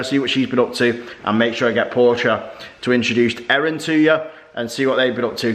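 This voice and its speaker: A man in his forties chats through a casual vlog update in a rambling, matter-of-fact way. His voice sits at an ordinary middle pitch. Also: a bit bright. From England. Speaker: family vlogger.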